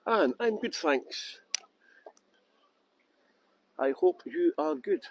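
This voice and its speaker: A man's voice: sits high, lively intonation, takes it slowly, long pauses, no echo. Chatty Scottish man guiding a live tour. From Scotland. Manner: chatty and jokey, greets viewers by name, breaks into song. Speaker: live-stream tour guide. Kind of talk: casual walking tour commentary. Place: outdoors at a harbour ferry terminal.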